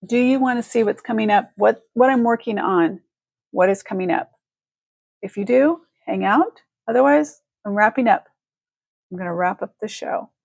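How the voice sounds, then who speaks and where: A woman's voice: mid-range voice, normal speed, gravelly, a little mellow, no echo. A woman hosting a casual live-stream, chatty and effusive as she thanks viewers and shows jewelry. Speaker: livestream jewelry seller.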